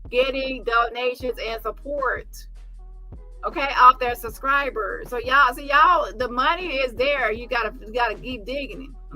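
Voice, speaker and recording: Emphatic bright-voiced woman commentator. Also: fairly high pitch, poor audio. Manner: emphatic, drawn-out stresses. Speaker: commentary channel host. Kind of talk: reaction commentary on clips.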